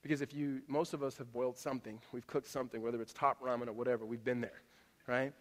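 A man's voice: mid-range voice, level tone, quick pace. A man preaching a sermon to a congregation, in a conversational, earnest way with rhetorical repetition. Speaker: pastor. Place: church auditorium. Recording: long hall reverb.

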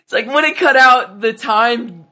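Male podcast co-host with a bright, tense tone, agreeable and rambling in casual chat. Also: extremely high pitch, unhurried. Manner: agreeable, thinks aloud, trails off.

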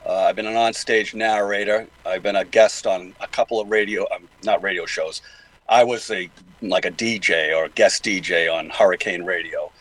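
A man's voice: low-pitched, steady tone, normal speed, fairly bright tone, poor audio. An older man with a Boston accent, talking at length as a guest in a casual interview, rambling with many fillers and restarts. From New England.

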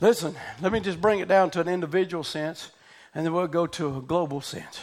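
A man preaching a revival sermon, fervent and shouting out hallelujahs as he prays over the congregation. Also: a little high, fairly even intonation, a little fast. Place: church building with congregation.

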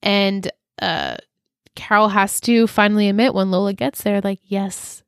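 A woman in casual podcast chat, recapping a drama and slipping into the characters' lines. Her pitch sits mid-range, and the close mic sounds dry with no room in it. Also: steady tone, clean tone, no room sound. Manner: chatty, quotes characters in quick asides, frequent "like". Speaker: podcast co-host.

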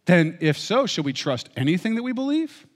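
Male preacher, emphatic sermon delivery with a swinging, animated pitch, recorded with long hall reverb. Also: brisk. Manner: emphatic, asks rhetorical questions.

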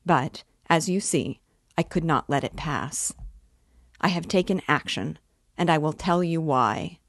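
A self-righteous middle-aged man lectures in a measured, reproachful way, as a woman reads his lines. The voice sits low and moves slowly. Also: lively intonation, no room sound, studio quality, exaggerated voice.

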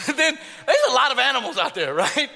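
High bright-voiced male pastor. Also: big pitch swings, unhurried, creaky, in a large hall. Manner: jokey, often repeats words, laughs at own jokes. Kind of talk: sermon.

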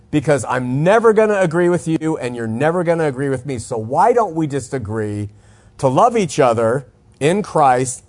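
A man's voice: a little high, a little mellow. A man hosting a religious call-in show, talking earnestly and arguing his point with emphasis. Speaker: radio call-in show host. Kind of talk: call-in radio talk, religious commentary.

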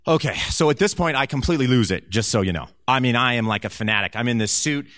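A man sharing a personal testimony with a church audience, telling the story with lively energy and acting out the lines of the people in it. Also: mid-range voice, fast talker, no echo, clean studio sound. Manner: animated storyteller who acts out quoted speech.

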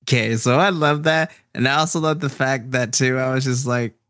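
A man's voice: medium pitch, fairly even intonation, normal speed, a bit bright, no echo, studio quality. A man running a tabletop game, chatty and laughing often as he explains his rulings. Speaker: game master.

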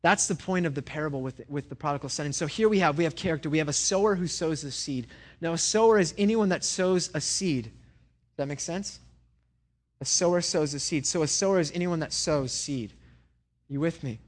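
A man's voice: on the high side, fairly quick. A man preaching a sermon in a conversational way, often stumbling and repeating words as he restarts. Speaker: pastor.

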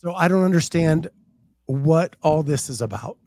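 A man's voice: fairly high pitch, normal speed, creaky, a little mellow, dry recording. A man co-hosting a casual podcast, chatting in a laid-back way and reading out viewer comments. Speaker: podcast co-host. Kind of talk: casual chat.

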